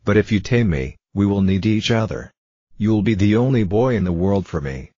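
A man voicing a wise, patient male fox in a storybook reading, speaking in a calm, measured way. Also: fairly low pitch, dry recording, dull audio. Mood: earnest.

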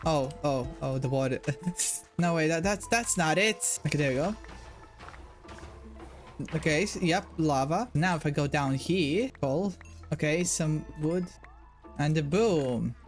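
A man talks through his building game in a playful, excitable way and thinks out loud as he goes. He keeps breaking into goofy beeps and little sound effects. Faint music plays softly behind him. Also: a little high, unhurried, long pauses. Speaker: Minecraft video creator.

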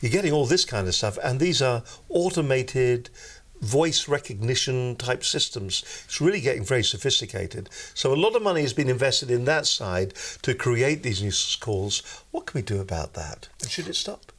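A man's voice: medium pitch, animated, normal speed, a bit bright. Chatty male studio host. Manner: chatty, jokey asides. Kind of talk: studio business show hosting.

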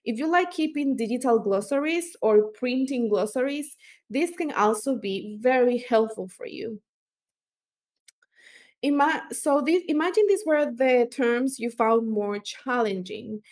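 A woman's voice: a little high, animated, unhurried, a little mellow. Woman explaining step by step. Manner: explanatory, with fillers and self-corrections. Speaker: language instructor. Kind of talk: instructional explainer.

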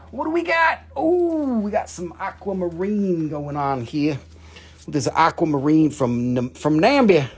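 A man with an Appalachian accent hosts a live mineral sale in loose, rambling, folksy patter, cracking jokes and letting out hoots. His voice sits a little high for a man. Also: darkish tone. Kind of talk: casual live-stream sales patter.

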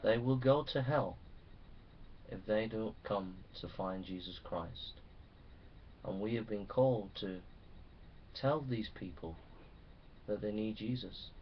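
A man preaching a sermon that builds into loud, impassioned shouting. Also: fairly low pitch, takes it slowly, pauses often, muffled recording, a little hiss or hum.

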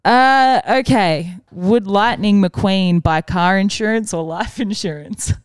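A woman's voice: mid-range voice, takes it slowly, smooth, dry recording, clean studio sound. A woman, co-hosting a comedy podcast, telling stories and laughing often. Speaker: podcast co-host. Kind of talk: casual storytelling chat.

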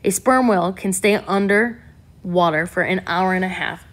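A woman voicing a learned, excitable male scientist who explains things in a lecturing way. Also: on the low side, moderate pace, close to an everyday voice.

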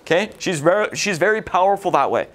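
A man's voice: high voice, animated, fast talker, fairly bright tone. A man lecturing a recovery group in a casual, rambling way, swearing freely and often. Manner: swears a lot, vulgar, rambling.

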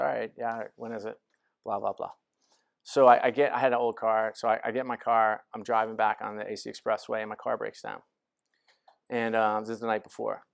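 A man's voice: medium pitch, creaky. A man in his forties giving a casual, self-deprecating storytelling talk to a lecture audience, with lots of fillers. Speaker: guest speaker. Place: lecture hall.

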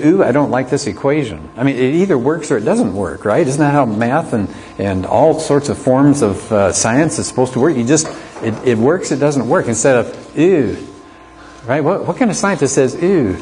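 A man's voice: medium pitch, darkish tone, slight background noise. A man teaching an apologetics class, lecturing conversationally and asking the students rhetorical questions.

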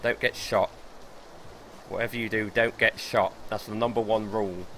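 A young man streaming gameplay live, excitable and swearing as he talks himself through the match. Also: fairly low pitch, normal speed, a little hiss or hum. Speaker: gaming streamer.

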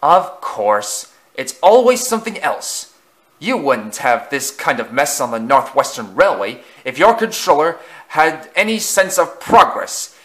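A man's voice: a little high, sing-song, unhurried, fairly bright tone, pitched above the performer's own voice. A man voicing a sneering male steam engine that wheezes as it mocks others in a storybook reading. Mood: scornful.

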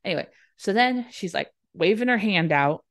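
A woman's voice: mid-range voice, animated, normal speed, dry recording, clean studio sound. A woman co-hosting a podcast, recapping a movie in a casual, chatty way, swearing and saying "like" a lot. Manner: chatty, swearing, lots of "like" fillers. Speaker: podcast co-host.

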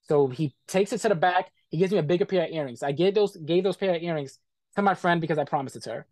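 A man's voice: fairly high pitch, fast talker, a little mellow, no echo. Blunt, profane man telling a story. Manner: blunt and profane, retelling events with lots of quoted dialogue. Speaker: interviewee. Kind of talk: casual storytelling interview.

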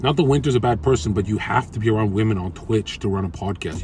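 A man's voice: lowish voice, fast talker, few pauses, darkish tone, a little hiss or hum. A man streaming from his car, talking in brash, crude trash-talk to his chat. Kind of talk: casual livestream chat.

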